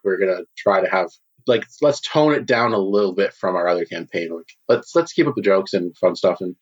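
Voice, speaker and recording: A man acting as game master in a casual tabletop role-playing session, relaxed and chatty with laughter. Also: low voice, fairly quick, slightly rough, dull audio. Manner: relaxed, laughing, lots of fillers.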